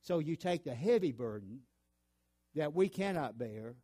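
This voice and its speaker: A man's voice: on the high side, expressive, measured pace, warm tone, slightly rough, no room sound. A man preaching a sermon in an earnest, conversational way, often restarting his words.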